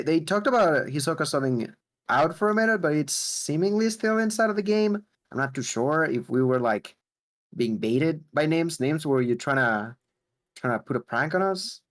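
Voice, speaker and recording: A man co-casting esports who speaks haltingly with frequent fillers and laughs easily. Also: on the high side, lively intonation, fairly bright tone. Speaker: esports co-caster. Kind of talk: esports commentary. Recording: faint music behind the voice.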